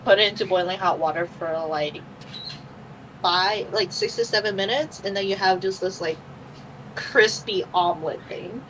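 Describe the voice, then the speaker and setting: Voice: medium pitch, normal speed, a bit bright, slight background noise, low-quality recording. A gamer chatting casually during a let's-play, rambling easily with fillers.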